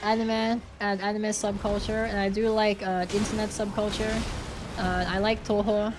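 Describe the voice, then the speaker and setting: A woman's voice: medium pitch, level tone, moderate pace, noisy background. A woman with an Australian accent, streaming and chatting casually in a giggly, rambling way as she reads out viewer comments. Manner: giggly, rambling, with restarts and fillers. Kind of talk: casual chat reading out viewer comments while gaming.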